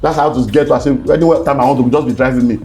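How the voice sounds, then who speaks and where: A man's voice: medium pitch, steady tone, racing, a little mellow, soft background music. Nigerian man telling a painful story. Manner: emotional storytelling, mixing in pidgin. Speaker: guest speaker. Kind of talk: candid interview about divorce.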